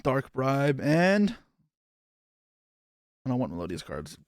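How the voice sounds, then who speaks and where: A man's voice: medium pitch, huge pitch swings, smooth, dry recording, studio quality. A young man chatting casually on a live stream as he opens trading card packs and answers his chat. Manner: chatty, reacting to chat, quick asides.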